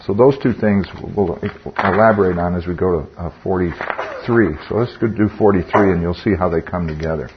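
Leading a Bible study in a conversational way, an older man speaks in a low voice at a moderate pace with background noise. He asks the group questions, with fillers and restarts, on a dull lo-fi recording.

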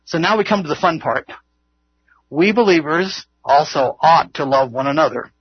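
A man leads an informal Bible study, earnest and rambling, chuckling at his own failings as he talks. His voice is somewhat husky and sits a little high. The recording is dry and slightly dull. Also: animated, moderate pace, no room sound. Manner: earnest, rambling, laughs often. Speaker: Bible teacher.

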